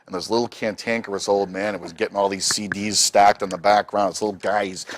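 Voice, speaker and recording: Animated man telling stories. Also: lowish voice, a little fast. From Boston. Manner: animated, imitates people in his stories. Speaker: musician guest. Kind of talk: casual storytelling.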